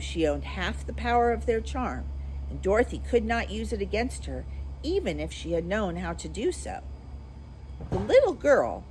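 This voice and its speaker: Animated woman reading a children's story. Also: medium pitch, slight background noise, rough recording.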